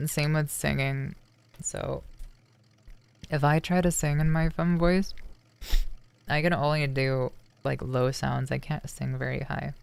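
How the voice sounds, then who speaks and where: A young adult streamer chats through voice practice in a feminized voice, built up after male puberty. The delivery is slow and full of restarts. The tone is smooth and resonant with a gravelly edge. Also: mid-range voice. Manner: hesitant, many restarts and throat clearing. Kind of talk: casual livestream chat.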